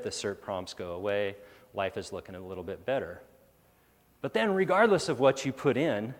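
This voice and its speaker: A man giving a technical conference talk, with sarcastic, animated asides and a habit of thinking aloud with fillers and restarts. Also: fairly low pitch. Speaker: conference presenter. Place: large conference hall. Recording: echoey conference hall.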